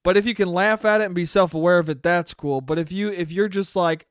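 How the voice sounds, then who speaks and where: A young man with a fairly high voice tells a story on his solo podcast, animated and profane, breaking into laughing asides. He speaks close to the mic in a dry, dead room. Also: brisk, few pauses, smooth, dry recording. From American suburbs. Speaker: podcast host. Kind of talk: casual solo podcast monologue.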